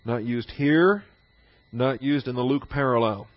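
A man's voice: mid-range voice, unhurried, no echo, highs cut off. A man teaching through a Bible passage, repeating key phrases and posing rhetorical questions to his listeners.

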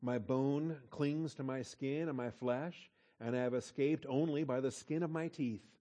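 A man's voice: mid-range voice, fairly even intonation, unhurried, mellow. A man preaching a conversational sermon, reading scripture aloud and explaining it. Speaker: pastor.

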